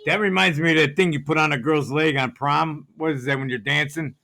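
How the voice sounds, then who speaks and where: Gravelly ranting man. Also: a little high, steady tone, brisk, a crowd in the background. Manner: ranting, conspiratorial, repeats "see how that works". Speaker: vlogger. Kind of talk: ranting shopping vlog. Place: grocery store aisles.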